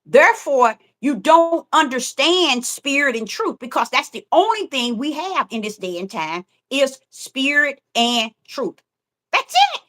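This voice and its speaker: A woman's voice: high voice, very animated, measured pace, a bit bright. A middle-aged woman, preaching fervently online with rhythmic, repetitive emphasis. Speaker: self-styled prophetess preaching online. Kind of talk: impassioned preaching.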